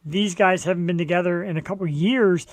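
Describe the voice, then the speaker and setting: A man hosting a live online show, chatting casually in an excitable, rambling, joking way. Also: high voice, fairly quick, no echo. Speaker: host.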